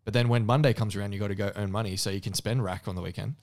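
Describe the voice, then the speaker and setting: Low-voiced man giving advice. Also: fairly even intonation, very fast, darkish tone. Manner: earnest, advice-giving, swears casually. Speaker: podcast co-host. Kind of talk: casual chat.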